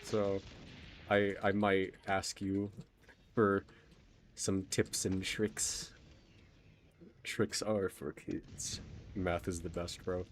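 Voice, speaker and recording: A man's voice: sits low, little pitch movement, takes it slowly, long pauses, slight background noise. A young man from Texas streaming a game, chatting casually in a rambling, self-deprecating way. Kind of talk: casual gaming stream chat.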